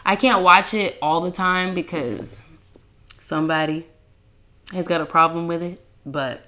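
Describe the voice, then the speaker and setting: Bright-voiced young woman chatting casually. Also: on the low side, measured pace. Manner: animated, laughing, slangy storytelling. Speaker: podcast host. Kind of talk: casual chat.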